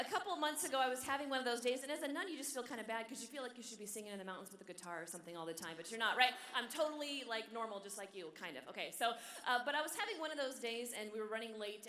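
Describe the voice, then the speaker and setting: A woman who is a nun gives a humorous, inspirational talk at a youth conference, chatting with the crowd and often asking "okay?" and "right?". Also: mid-range voice. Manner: animated storyteller. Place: large conference hall. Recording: echoey hall, long reverb.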